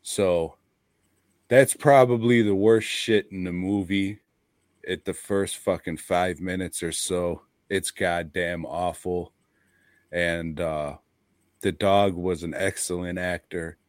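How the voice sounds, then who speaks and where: Slow-talking, deep-voiced podcast host. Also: male voice, steady tone, dry recording. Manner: profane, blunt, laughs often. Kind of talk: casual podcast chat.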